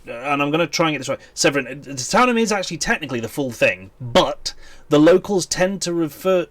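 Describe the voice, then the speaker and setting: A man's voice: a little high, fairly bright tone, no echo. Chatty Welsh man streaming a game. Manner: chatty, rambling, thinks aloud with many ums. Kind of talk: casual live-stream chat while gaming.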